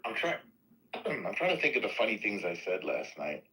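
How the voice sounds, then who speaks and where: A man's voice: lowish voice, huge pitch swings, normal speed, noisy background. A man hosting a casual online audio chat room, joking and teasing in a loose way.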